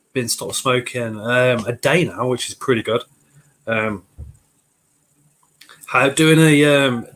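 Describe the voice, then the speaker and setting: A chatty man, his voice sitting a little high for a man. He hosts a relaxed live stream from his home kitchen, greeting viewers by name. He is still getting over a cold. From Coventry, England. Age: 40s. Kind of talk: casual live-stream chat.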